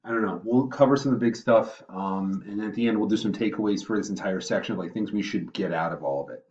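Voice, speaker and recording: Casual male teacher talking through a review lesson, slightly low voice, muffled audio from a distant mic in an echoey room. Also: fast talker, a little mellow. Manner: chatty, self-correcting, uses asides and filler. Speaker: history teacher. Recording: muffled roomy audio from afar.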